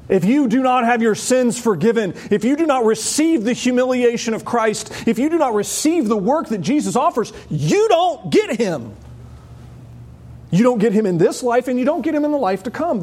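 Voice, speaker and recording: A man preaching a sermon as pastor, animated and wry, often laughing as he explains a passage. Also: extremely high pitch.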